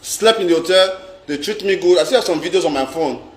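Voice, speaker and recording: Nigerian man, middle-aged, high voice, dramatic storyteller, echoey room. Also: quick pace. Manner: dramatic, repeats lines for emphasis, mixes in Pidgin. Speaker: vlogger telling a personal story. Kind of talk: animated storytelling monologue. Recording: roomy echo.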